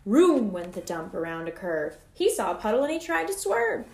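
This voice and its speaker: A woman reading a children's picture book aloud in an expressive, sing-song manner. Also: mid-range voice, moderate pace, gravelly. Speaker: storybook reader. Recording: echoey room.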